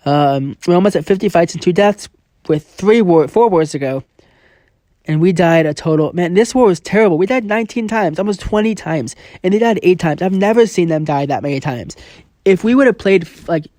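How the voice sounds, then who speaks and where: A man's voice: on the high side, expressive, brisk, darkish tone, dry recording, clean studio sound. A young man commenting over his own gameplay footage, venting frustration at his mistakes and acting out his reactions. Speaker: gaming channel host.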